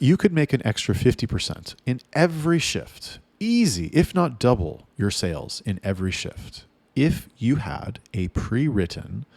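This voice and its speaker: A man's voice: lowish voice, no echo. A man coaching his sales staff in a casual monologue, blunt and profane, rambling with restarts. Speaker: sales trainer for chat staff.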